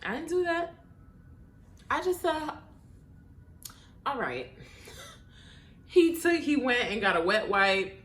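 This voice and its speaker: A woman hosting her own podcast, telling a casual story with animated, exasperated, swearing asides. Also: high voice, slow pace, long pauses, a little hiss or hum. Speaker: podcast host. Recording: echoey room.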